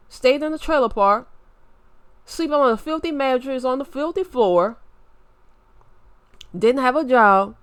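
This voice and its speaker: A woman with a Louisiana accent telling a story in an animated, indignant rant, muttering one moment and raising her voice the next. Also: a little high, clean tone, dry recording. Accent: Southern US, Louisiana. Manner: animated, indignant, swings between muttering and raised voice. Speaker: vlogger.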